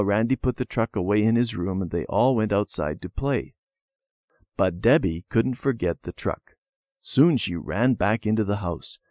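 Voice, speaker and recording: Brief: male storyteller, animated pitch, close dry read. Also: no room sound. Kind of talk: reading a Christian children's story aloud.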